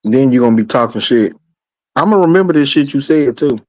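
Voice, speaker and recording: A man's voice: medium pitch, lively intonation, a little fast, a little mellow, rough recording. A man on a casual sports panel who talks bluntly and trash-talks with plenty of profanity.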